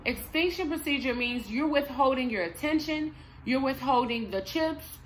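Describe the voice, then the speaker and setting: A woman's voice: high-pitched, normal speed, a little hiss or hum. A woman explaining parenting techniques, speaking emphatically and addressing moms directly. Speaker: parenting coach and behavior analyst. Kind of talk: instructional parenting vlog.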